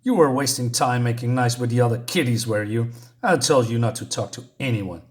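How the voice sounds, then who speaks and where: A man reading out the lines of an aggressive criminal foster father who bullies a teenage boy, with loud threatening bursts. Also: medium pitch, a little fast, close to an everyday voice. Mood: menacing.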